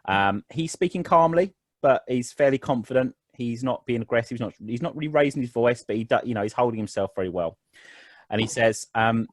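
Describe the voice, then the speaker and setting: A man's voice: mid-range voice, expressive, fairly quick, no room sound. A man narrating as game master of a tabletop game online, talking loosely with frequent ums and restarts. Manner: rambling, many fillers and restarts.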